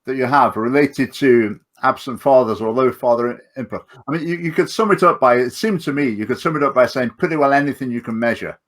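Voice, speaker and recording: A man's voice: medium pitch, fairly quick, few pauses, fairly bright tone. A man interviewing a guest, summing up points in a conversational way. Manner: summarizing, conversational. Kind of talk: interview questions.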